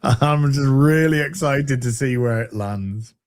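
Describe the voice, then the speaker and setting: A man's voice: mid-range voice, unhurried. A man hosting a casual podcast chat, rambling with restarts and chuckles. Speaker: podcast host.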